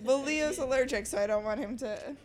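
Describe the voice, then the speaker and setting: A woman's voice: high voice, a little fast, a little mellow. Giggly tipsy woman podcast host. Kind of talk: casual chat.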